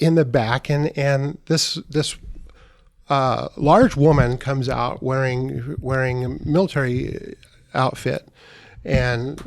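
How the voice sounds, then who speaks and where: A middle-aged man, a podcast guest, telling a story in a casual, halting way and often repeating his words. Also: medium pitch, creaky, dry recording, clean studio sound.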